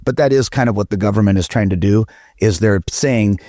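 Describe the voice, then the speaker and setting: A man's voice: lowish voice, animated, a little fast, a little mellow, no echo, clean studio sound. A man arguing carefully in a podcast roundtable, lawyerly and hedged, with frequent restarts. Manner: reasoned, lawyerly, hedging with restarts. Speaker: podcast guest. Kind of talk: roundtable discussion.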